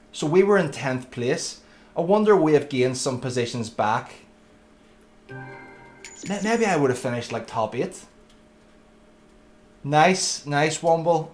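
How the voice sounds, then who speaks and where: A man's voice: fairly high pitch, slight background noise. A man commentating his own racing game live and chatting to viewers by name. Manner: chatty, addresses viewers by name, friendly banter. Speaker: livestreamer.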